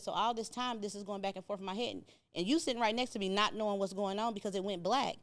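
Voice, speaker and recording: A woman's voice: mid-range voice, fast talker, hardly any pauses. A middle-aged woman from Indiana, a podcast guest telling her story in casual talk, acting out what people said. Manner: animated storyteller acting out quoted voices.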